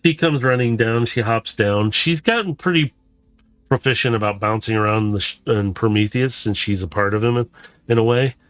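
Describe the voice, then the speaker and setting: A man narrating as game master in a relaxed, rambling way, often chuckling. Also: medium pitch, moderate pace, smooth, no room sound.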